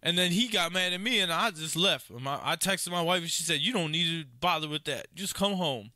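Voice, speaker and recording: A man mimicking a weepy drunk grown man who whines and pleads, pitched well above his own voice. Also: brisk, pushed and bright, no room sound, clean studio sound. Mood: aggrieved drunk.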